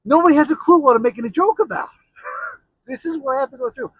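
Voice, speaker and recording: Jokey high-voiced man telling stories. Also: very animated, brisk, a bit bright, rough recording. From United States. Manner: rambling, jokey, with many restarts and asides. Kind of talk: casual storytelling monologue.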